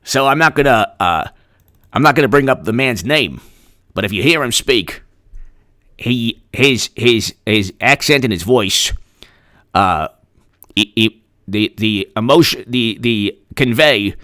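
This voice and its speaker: A man's voice: medium pitch, animated, a little slow, long pauses, bright, forceful tone. A man hosting a live political commentary stream, reading out news and then rambling sarcastically with frequent restarts.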